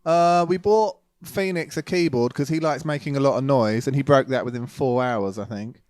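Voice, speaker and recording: A man in his forties, a guest musician talking frankly and with animated humor in a casual interview from home. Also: medium pitch, no room sound, studio quality. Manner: frank, animated, quick to joke. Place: home, remote call.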